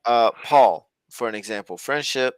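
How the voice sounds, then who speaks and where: A man's voice: medium pitch, moderate pace, smooth, no room sound. A man co-hosting a podcast, talking in a loose, rambling, folksy way about a reality show. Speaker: podcast co-host.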